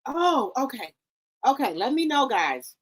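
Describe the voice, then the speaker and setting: Chatty high-voiced woman livestream host. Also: sing-song, a little slow, breathy edge. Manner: chatty, talks straight to the chat. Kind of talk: casual livestream chat. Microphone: headset or desk microphone.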